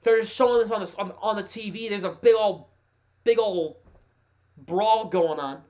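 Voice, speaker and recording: A man hosting a casual live sports stream, thinking aloud in a chatty, excitable way. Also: sits high, normal speed. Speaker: livestream host.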